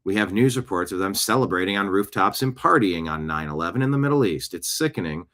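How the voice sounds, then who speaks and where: A man's voice: sits low, animated, fast talker, fairly bright tone. A man hosting a talk show, giving scornful, emphatic opinions on the news. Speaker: show host.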